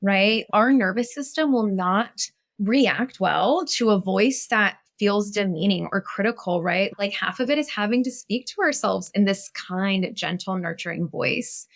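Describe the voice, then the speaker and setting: A woman therapist appearing as a guest, speaking in a warm, affirming and animated way. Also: medium pitch, measured pace. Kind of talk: casual conversation.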